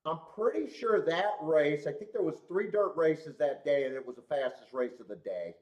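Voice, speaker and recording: A man's voice: a little high, animated, moderate pace, darkish tone, muffled recording. A young man with a stuffy cold hosting a casual horse racing live stream, rambling and swearing often as he tells stories and talks handicapping. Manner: profane, rambling storytelling. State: congested from a cold. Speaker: horse racing show host.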